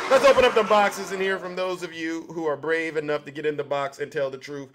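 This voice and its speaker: A man with a notably high-pitched voice hosts his show, delivering a scornful monologue. He keeps firing rhetorical questions straight at his listeners. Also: steady tone, brisk, hardly any pauses, fairly bright tone, a little hiss or hum. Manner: mocking, rhetorical questions to the audience. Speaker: show host.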